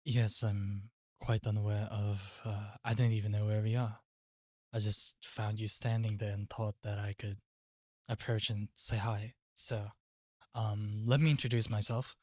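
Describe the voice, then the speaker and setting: A man voicing a polite, posh mock gentleman, stiff, overly formal and a little hesitant. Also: on the low side, little pitch movement, fast, few pauses, no room sound, studio quality, lightly acted.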